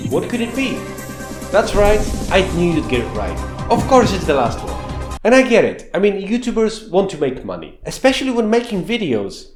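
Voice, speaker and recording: A man hosting a commentary video, sarcastic and exasperated in a lively, expressive way. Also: on the high side. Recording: roomy echo with faint background music.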